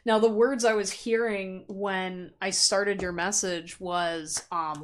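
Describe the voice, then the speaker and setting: A woman giving a casual pick-a-card tarot reading in a chatty, animated way, laughing often and playfully acting out quoted thoughts. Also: medium pitch, unhurried. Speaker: tarot reader.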